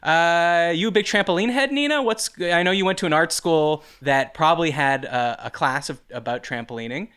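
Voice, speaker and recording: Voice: medium pitch, moderate pace, few pauses, fairly bright tone, clear, resonant tone. A podcast host chatting casually, joking wryly and laughing along with a guest. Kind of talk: casual chat.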